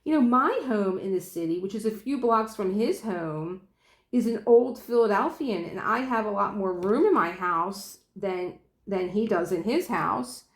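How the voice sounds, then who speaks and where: A woman's voice: medium pitch, expressive, measured pace. Chatty woman telling home stories, roomy. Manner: chatty, acts out quoted dialogue, laughs often. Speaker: diamond painting vlogger. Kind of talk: casual storytelling chat. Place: room at home. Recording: roomy home room echo.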